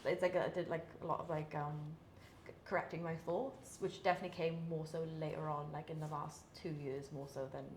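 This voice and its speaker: A woman's voice: deep voice, fairly even intonation, fairly quick. A young British woman, a professional athlete, chatting candidly in an interview with lots of fillers and laughs. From Britain. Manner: chatty, many fillers, laughs between thoughts. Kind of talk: candid casual interview talk. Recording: echoey room, faint hiss.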